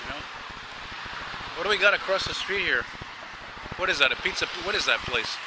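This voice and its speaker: Strolling along a busy city street, this vlogger host talks in a high-pitched voice with lively intonation and a brisk pace. He rambles on in a chatty, enthusiastic way. Traffic hums in the background of the outdoor recording.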